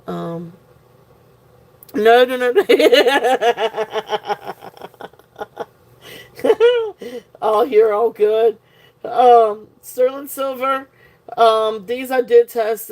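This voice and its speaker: Giggly slow-talking woman selling jewelry live. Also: medium pitch, vocal fry, a little mellow. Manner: giggly, rambling, talks to viewers. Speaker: live-stream jewelry seller. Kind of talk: casual live-stream selling chat. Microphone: desk setup, face off camera.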